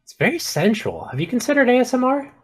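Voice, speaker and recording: A player in a tabletop role-playing game, talking in lively, joking banter. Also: medium pitch, quick pace, breathy edge.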